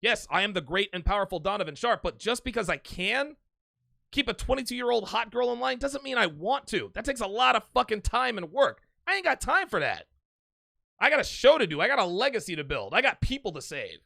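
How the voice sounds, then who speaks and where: A man's voice: high voice, very animated, brisk, creaky, pushed and bright, dry recording. A man in his forties hosting a live call-in show, brash and swaggering, swearing freely and laughing often. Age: 40s.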